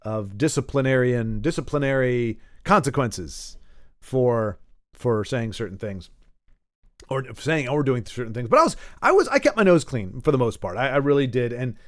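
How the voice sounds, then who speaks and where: A man's voice: medium pitch, expressive, moderate pace, no room sound, studio quality. A man talking alone on a podcast, rambling and emphatic, with frequent restarts and self-corrections. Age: adult who grew up with Nintendo. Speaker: podcast host. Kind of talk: solo podcast monologue.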